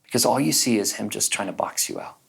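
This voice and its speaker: A man with a fairly low voice preaches in a relaxed, storytelling way. He talks conversationally, dropping frequent "like" fillers as he recounts events to his congregation. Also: fast talker, gravelly, breathy edge. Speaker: pastor. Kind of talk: storytelling sermon. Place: church gathering with tables.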